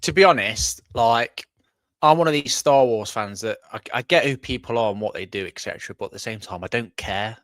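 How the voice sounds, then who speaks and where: A man's voice: medium pitch, a little fast, a bit bright, dry recording. Blunt laid-back man co-host. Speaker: podcast co-host. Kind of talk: casual chat.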